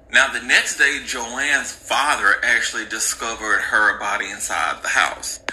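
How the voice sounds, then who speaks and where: A man casually retelling a true crime story with jokes and slang, animated and chatty. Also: medium pitch, low-quality recording.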